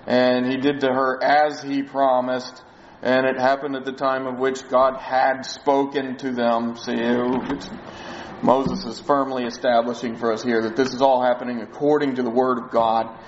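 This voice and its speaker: A man's voice: medium pitch, flat delivery, moderate pace, highs cut off, slight background noise. A man preaching a sermon, explaining a Bible passage in a conversational way. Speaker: pastor.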